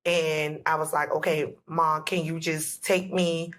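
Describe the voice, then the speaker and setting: Her voice is low and a bit bright, with a level tone and a measured pace. On a podcast, she shares an emotional story from her own life, voicing what each person said through repeated "I said, he said."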